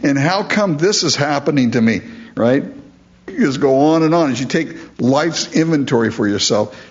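A man's voice: on the high side, expressive, moderate pace, dull audio. A man preaching a sermon as pastor, earnest and emphatic, asking rhetorical questions and repeating key phrases.

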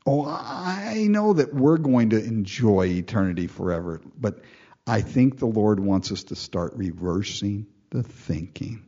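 A man preaching with lots of energy, voicing prayers as if speaking them himself and chuckling along the way. His voice is a little husky, and the recording sounds dull and muffled. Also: lowish voice, unhurried. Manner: animated, acts out quoted prayers, laughs often. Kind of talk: sermon.

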